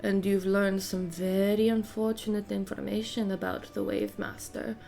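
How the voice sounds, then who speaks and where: A woman's voice: mid-range voice, level tone, normal speed, vocal fry, warm tone, faint music behind, natural voice. A woman playing a sly, menacing spider villainess. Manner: sly, mocking, threatening. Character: menacing female spider-queen villain, coldly amused.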